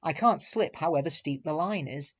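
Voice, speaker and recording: A man's voice: a little high, normal speed. A man doing a cheerful, modest mountain engine. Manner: friendly, modest. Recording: muffled recording with soft music.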